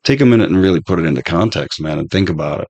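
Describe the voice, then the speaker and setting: A man in his fifties with a low voice full of gravel and a husky edge. He talks as a podcast guest in a loose, rambling way, swearing often as he turns over big questions. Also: lively intonation, rapid-fire, darkish tone, muffled recording. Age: 50s. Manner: laid-back, heavy swearing, rambling musings. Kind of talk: casual conversation, philosophical storytelling.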